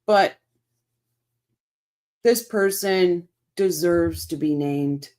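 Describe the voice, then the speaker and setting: A woman's voice: on the low side, very slow, warm tone. A woman hosting a true crime livestream, reading chat comments aloud and talking back in a blunt, profane, indignant way.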